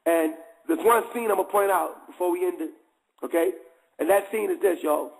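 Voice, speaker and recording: A male host gives a casual, preaching talk in a loose, conversational style. He keeps checking in with his listeners as he goes. His voice is high and gravelly. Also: normal speed, low-quality recording.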